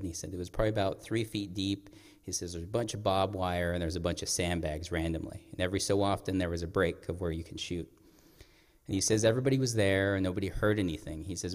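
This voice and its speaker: A young man tells a personal story from a stage, earnest and reflective, often pausing to clear his throat. His voice sits low. A long hall reverb trails each phrase. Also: steady tone. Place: performing arts center stage.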